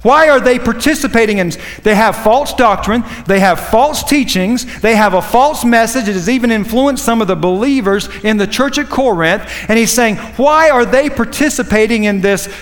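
A man's voice: very high voice, normal speed, few pauses, in a large hall. A man preaching a sermon, fervent and repetitive, with rambling asides to the congregation.

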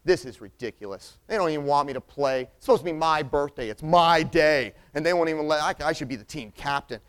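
Animated storytelling man, smooth voice. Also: a little high, brisk. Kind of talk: storytelling sermon illustration.

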